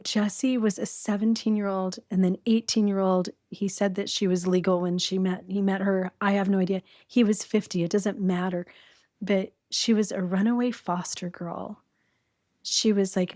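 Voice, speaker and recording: Middle-aged woman, podcast guest, animated storyteller, quick delivery, dry close sound. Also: mid-range voice, dry recording. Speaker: guest, abuse survivor.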